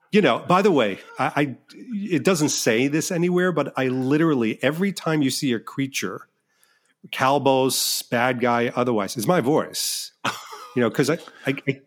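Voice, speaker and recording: Man, middle-aged, interview guest, animated, self-deprecating, frequent restarts. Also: medium pitch. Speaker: filmmaker guest. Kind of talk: casual interview chat.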